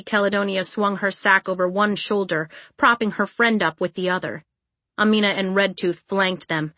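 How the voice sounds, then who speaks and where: A woman narrating an audiobook in an even, measured storytelling voice. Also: mid-range voice, no echo. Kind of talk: scripted narration. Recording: dry close studio recording.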